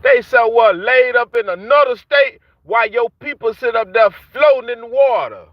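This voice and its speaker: A vlogger with a very high, expressive voice calls out rappers on camera at a normal pace. His repetitive, heated street talk is full of taunts and mockery, and the recording comes across dull, dry and lo-fi.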